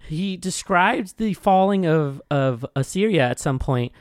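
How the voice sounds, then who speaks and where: A man's voice: high-pitched, animated, unhurried, clean tone, no room sound, studio quality. A man co-hosting a casual podcast, explaining a film's references in a hesitant, explanatory way with restarts and fillers. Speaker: podcast co-host. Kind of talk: casual film discussion.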